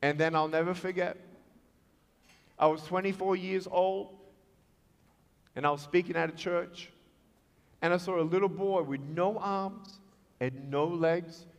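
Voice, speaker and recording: Animated man speaking in an echoey hall. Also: high voice, a little slow, pauses often. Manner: animated, acts out dialogue in voices. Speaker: motivational speaker. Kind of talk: storytelling speech to students. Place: large school hall with an audience.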